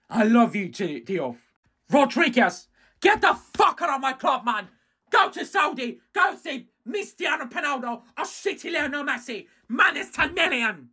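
A man ranting in a reaction vlog, swearing and swinging from angry shouts to low, sheepish mumbling. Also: husky. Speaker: fan reaction vlogger.

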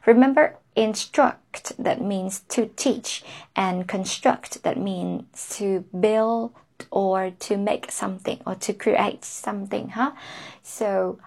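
A woman teaching English pronunciation, saying each word slowly and repeating it, often ending with a questioning "huh?". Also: mid-range voice, steady tone, creaky, darkish tone. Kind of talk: slow, deliberate pronunciation lesson.

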